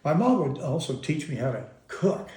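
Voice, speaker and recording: A man's voice: fairly high pitch, big pitch swings, normal speed, darkish tone. Rambling man recalling family, roomy sound. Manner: rambling, self-interrupting, amused storyteller. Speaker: interviewee. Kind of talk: casual reminiscing. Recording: roomy echo.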